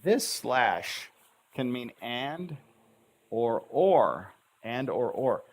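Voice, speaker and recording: A man's voice: medium pitch, sing-song, very slow. A man teaching English pronunciation in a livestream, modelling phrases with exaggerated, bouncing intonation and repeating words syllable by syllable. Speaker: English tutor. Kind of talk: slow, drawn-out pronunciation lesson.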